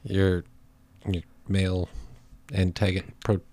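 A man's voice: low voice, flat delivery, slow, darkish tone, no room sound. A man co-hosting a podcast in casual chat, laid-back with short interjections. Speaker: podcast co-host.

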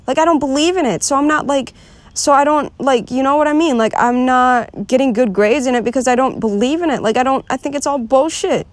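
A woman's voice: high-pitched, dry recording. A young woman venting frankly in a rambling, unscripted monologue, swearing freely and full of filler words. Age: young adult. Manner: frustrated and restless. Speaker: vlogger.

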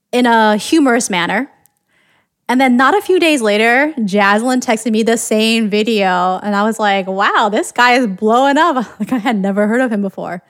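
A woman from the United States hosts a podcast, chatting casually and thinking out loud, often restarting her sentences. Her voice sits on the high side with a fairly bright tone, and the recording is clean studio sound with no room echo.

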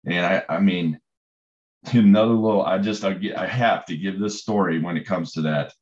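Deep-voiced man telling a coaching story. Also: normal speed, a little mellow, lo-fi sound. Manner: rambling, many fillers and restarts. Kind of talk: storytelling in conversation.

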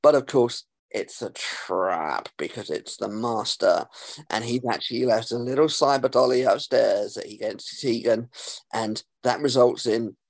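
A man, hosting a podcast and recapping an episode in a casual, sarcastic way, swearing freely and filling pauses with um. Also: mid-range voice, gravelly, no room sound. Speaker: podcast host.

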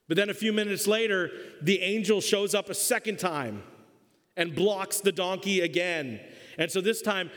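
Pastor guy preaching, funny animated storytelling, fairly high voice, big hall reverb. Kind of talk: sermon. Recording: long reverb of a church hall.

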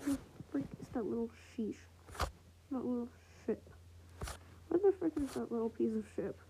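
A young woman casually chatting to herself while playing a game and watching videos, excitable and slangy, swinging between loud outbursts and quiet mutters. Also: a little high, moderate pace, background noise. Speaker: vlogger. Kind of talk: casual gaming commentary.

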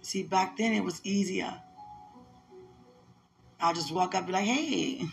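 Woman, gravelly voice, heartfelt religious message, emotional, repetitive, faint music behind. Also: lowish voice, fairly even intonation, unhurried. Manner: emotional, repetitive, laughs often.

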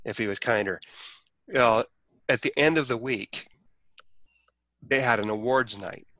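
Bright-voiced man telling a story. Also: medium pitch, measured pace, dry recording. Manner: rambling, many restarts, quotes others. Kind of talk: casual storytelling.

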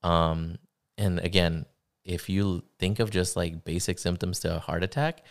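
A young man with a deep, low-pitched voice talks through a personal story on a podcast. He speaks haltingly, looping through fillers and restarts as he goes. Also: creaky. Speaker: podcast guest. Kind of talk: casual conversation, personal story.

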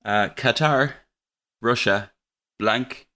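An Irish man hosting a casual podcast football quiz, relaxed and chuckling, slightly tipsy. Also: mid-range voice, extremely slow. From Ireland. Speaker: quiz host.

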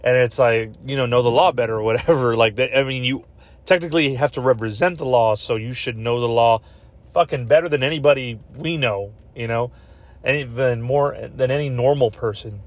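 A young man hosting a podcast, ranting casually in a rambling, profane, animated way. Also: medium pitch, brisk. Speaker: podcast host.

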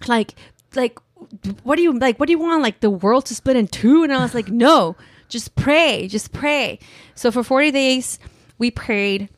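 A woman's voice: high voice, moderate pace, no echo, clean studio sound. A young woman telling a personal story on a podcast in a rambling way, filling her talk with "like" and getting emotional. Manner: rambling, heavy use of "like", emotional.

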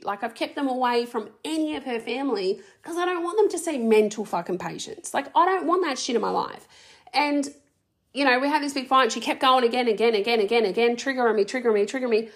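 A woman's voice: a little high, lively intonation, fast talker. A woman in her thirties speaking in a raw, emotional personal vlog, swearing heavily and rambling through restarts. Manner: rambling, restarts, many fillers. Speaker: vlogger.

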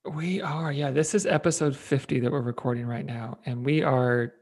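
A man's voice: medium pitch, fairly even intonation, normal speed, a little mellow. A man, a fitness trainer, co-hosting a podcast in an upbeat, rambling way and laughing often. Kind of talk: casual chat.

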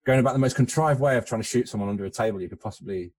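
A man co-hosting a casual film podcast, halting and repeating words as he searches for them. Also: mid-range voice, darkish tone, no echo. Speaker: podcast co-host.

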